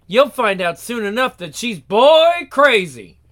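A man's voice: extremely high pitch, big pitch swings, a little slow, a bit bright, exaggerated voice. A man voicing a jealous, hot-tempered young man who scolds. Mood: angry.

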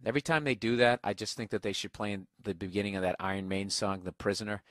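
A man's voice: on the low side, steady tone, fast, a bit bright, no echo, studio quality. A man hosting a comedic podcast from a hotel room on a single microphone, reading out a listener email in a profane, sarcastic rant. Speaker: podcast host. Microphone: single microphone, no headphones.

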